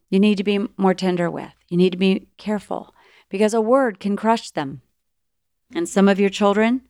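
A woman's voice: mid-range voice, smooth, dry recording, clean studio sound. A middle-aged woman giving an earnest, encouraging faith-based talk on parenting, sometimes acting out what parents and children say. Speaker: Christian parenting speaker.

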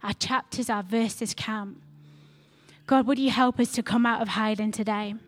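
A woman pastor delivers a sermon in a high voice. She speaks earnestly and leans on repeated phrases to rally her church. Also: fairly even intonation, moderate pace. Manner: earnest, repetitive exhortation.

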